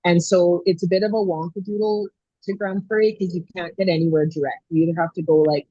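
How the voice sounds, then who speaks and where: Eager woman from Canada chiming in on a video call; dark, husky voice, muffled lo-fi line. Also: on the low side, fairly even intonation, a little fast, dry recording. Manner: rambling, eager, many fillers. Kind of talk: casual chat. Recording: dull, lo-fi call audio.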